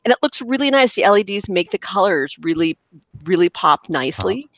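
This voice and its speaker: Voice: mid-range voice, expressive, a little fast, a bit bright, dry recording, poor audio. A podcast co-host chatting casually and enthusiastically about fixing up old arcade machines, with lots of fillers and restarts.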